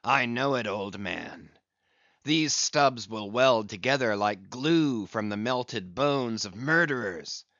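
Man doing a brooding old sea captain, obsessed, commanding, slow, dry muffled audiobook sound. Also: medium pitch, expressive, a bit bright, dry recording. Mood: intense. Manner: passionate, commanding, archaic speech.

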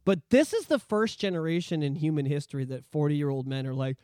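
A man's voice: fairly high pitch, brisk, no echo, clean studio sound. A man co-hosting a casual podcast, joking and acting out little bits in put-on voices. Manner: animated, jokey, acts out bits in put-on voices. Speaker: podcast co-host.

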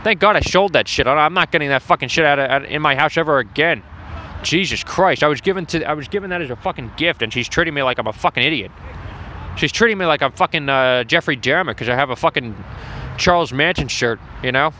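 A man's voice: on the high side, fast talker, pushed and bright, a little hiss or hum. A man giving crude, profane running commentary from the stands of a lacrosse game outdoors. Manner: profane ranting, frequent swearing. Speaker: host.

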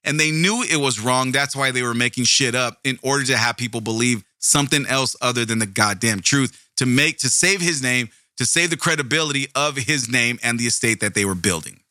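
A man's voice: medium pitch, fairly quick, hardly any pauses, sharp tone, no room sound, clean studio sound. A man giving profane, indignant commentary, sarcastic and mocking as he rants. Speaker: commentary video host.

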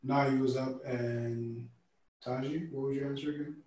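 A man leading a group discussion, reading out statements slowly and calling on people by name. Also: medium pitch, steady tone, mellow. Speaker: discussion moderator. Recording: echoey room, far from the mic.

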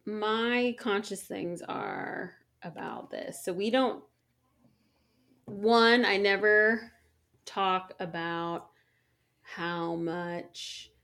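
Woman, thirties, casual candid chat, blunt, swears, mid-pitched voice. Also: steady tone, a bit bright, smooth. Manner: candid, swears freely, halting restarts.

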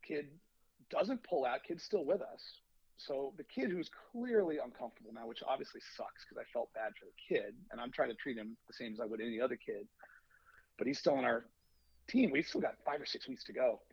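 A man's voice: mid-range voice, a little fast, gravelly, husky, dry recording, muffled recording. A man, a youth baseball coach, telling a long story on a podcast and acting out the lines of the people in it. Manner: animated anecdote, acting out quoted lines.

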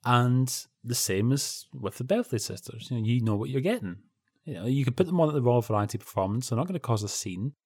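A man with a middling, ordinary pitch talks in a loose, rambling way, often stopping and restarting a thought. His tone stays wry and casual throughout. The sound is dry and close to the mic. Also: animated, fast, a little mellow, breathy edge, no echo. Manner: rambling, self-interrupting, wry. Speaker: podcast co-host. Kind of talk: casual chat about old television.

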